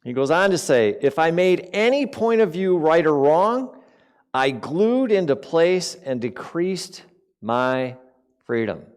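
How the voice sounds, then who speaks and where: A man giving a conversational sermon to a spiritual community. He asks the congregation questions and swings from loud emphasis to quiet asides. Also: fairly high pitch, sing-song, slow pace, clean tone.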